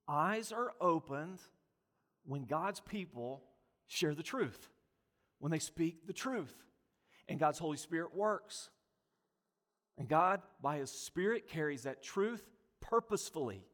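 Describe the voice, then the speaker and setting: A man's voice: fairly high pitch, slow. A man preaching a sermon, pressing rhetorical questions and building emphasis through repetition. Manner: animated preaching, voice rising and falling with emphasis. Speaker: pastor.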